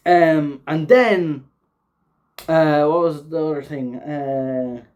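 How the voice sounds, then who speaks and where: A man with a slightly high voice hosts a casual reaction recap. He rambles from point to point, leaning on fillers and restarts and swearing freely. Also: takes it slowly, a little mellow. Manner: rambling, filler-heavy, swears often, laughs while talking. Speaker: show host reviewing an episode.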